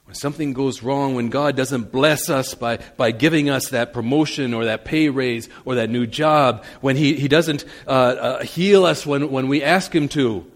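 A man's voice: medium pitch, moderate pace, few pauses. Dramatic male preacher in a reverberant hall. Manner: dramatic swings between loud emphasis and soft asides. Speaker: pastor. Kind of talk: sermon.

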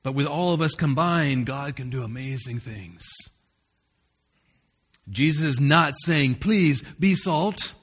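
A man's voice: medium pitch, a little slow, long pauses, fairly bright tone, slightly rough. A man, the pastor, preaching a sermon in an earnest, emphatic way, restarting phrases now and then.

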